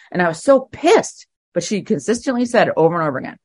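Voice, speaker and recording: A middle-aged woman speaking at a twelve-step meeting, sharing her recovery story in a candid, emotional way with halting fillers. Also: low voice, very animated, husky, no room sound, studio quality. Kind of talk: personal recovery share.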